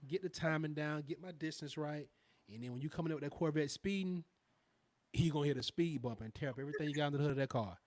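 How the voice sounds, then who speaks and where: A man's voice: on the high side, fast talker, darkish tone, no echo. A man co-hosting a podcast, talking in a laid-back, slangy way about fighting and family. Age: adult father. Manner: laid-back, slangy, uses extended metaphors. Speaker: podcast co-host. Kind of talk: casual chat.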